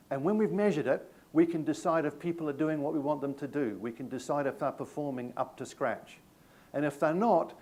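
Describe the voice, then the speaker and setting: A man's voice: on the high side, darkish tone. A middle-aged man from New Zealand with a New Zealand accent, leading a live training session in a chatty way, telling stories with dry humour. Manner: conversational, anecdotal, self-deprecating humour. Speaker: workshop presenter.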